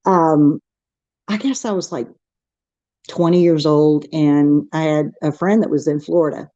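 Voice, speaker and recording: A woman's voice: deep voice, fairly even intonation, a little slow, warm tone, no echo, highs cut off. A middle-aged woman with a Texan accent, hosting a casual craft livestream, chatting and reading the chat aloud with frequent laughs. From Texas. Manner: chatty, laughs often, rambling restarts.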